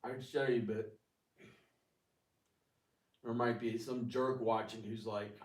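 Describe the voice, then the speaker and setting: A man's voice: lowish voice, fairly even intonation, slow, pauses often. A man rambling casually in a vlog, laughing often and poking fun at himself, in a house with big ceiling beams. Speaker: vlogger. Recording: echoey room, distant mic.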